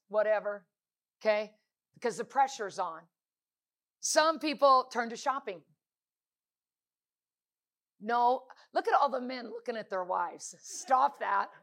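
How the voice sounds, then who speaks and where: A woman's voice: fairly high pitch, a bit bright. A woman preaching a sermon, emphatic and repetitive, stacking rhetorical questions.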